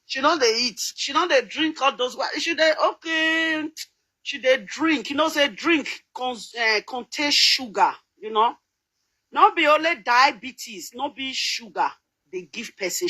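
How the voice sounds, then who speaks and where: Nigerian woman vlogger, middle-aged, high-pitched and chatty, laughs a lot. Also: bright, forceful tone, low-quality recording. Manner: chatty, laughs often, sings snatches. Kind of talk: casual chat.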